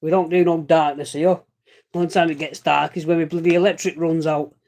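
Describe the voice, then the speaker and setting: A man's voice: on the high side, flat delivery, fairly quick, a little mellow. Chatty man, rambling livestream talk. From Britain. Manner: rambling and chatty, with jokey asides and mild swearing. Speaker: vlogger living with a lung condition. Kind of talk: casual livestream chat.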